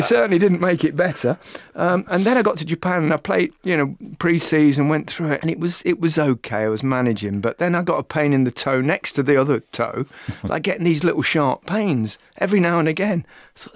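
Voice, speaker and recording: A man's voice: a little high, expressive, fairly quick, few pauses, no echo, studio quality. A former footballer, a man co-hosting a podcast, telling a rambling, self-mocking anecdote and acting out the voices of the people in it. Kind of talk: casual storytelling chat.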